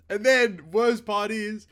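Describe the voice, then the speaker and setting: A man's voice: sits high, takes it slowly, clean tone. A young man co-hosting a casual podcast chat, telling a story with lots of laughter and acted-out quotes. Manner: animated storyteller, acts out quotes, laughs often, swears. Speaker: podcast co-host.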